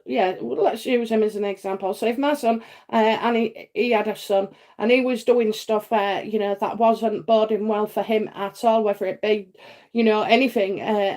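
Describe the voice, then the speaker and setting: A woman with a highish, slightly mellow voice hosts a live psychic reading stream, answering viewers' questions. She's chatty and reassuring, packing her speech with fillers and frequently checking in with "okay?"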